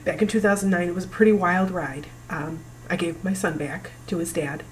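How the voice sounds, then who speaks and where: A woman in her forties talking to camera about her family's past, emotional and halting, pausing often. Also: on the low side, steady tone, slight background noise, low-quality recording. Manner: emotional, halting, breaks down at times. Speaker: vlogger. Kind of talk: personal talk to camera.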